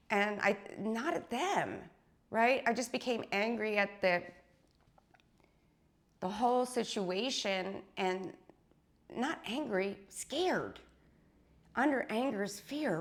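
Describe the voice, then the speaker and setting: Woman spiritual teacher talking to her followers, intense and blunt, swears a lot, keeps asking right?, mid pitch voice. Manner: intense, blunt, swears, frequent tag questions. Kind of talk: monologue to followers.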